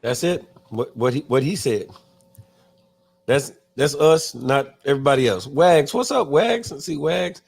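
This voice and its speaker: A man's voice: mid-range voice, expressive, unhurried, vocal fry, breathy edge. A man hosting a live talk show in casual chat, reading viewer comments aloud and often stumbling and restarting his words. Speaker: podcast host.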